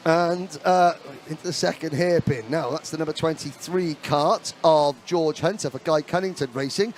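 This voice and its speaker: A man giving live kart race commentary, chatty and excitable, breaking into rapid bursts as the action heats up. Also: fairly high pitch.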